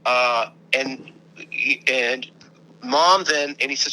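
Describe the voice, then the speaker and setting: A man, a guest on an interview show, telling a story in a casual, animated way, laughing often and acting out the voices of the people in it. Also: medium pitch, slow, poor audio.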